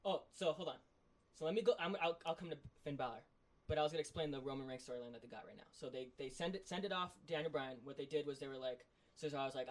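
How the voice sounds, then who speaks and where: Fast, rambling male podcast co-host. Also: a little high. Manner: excited rambling recap full of "like". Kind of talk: casual chat.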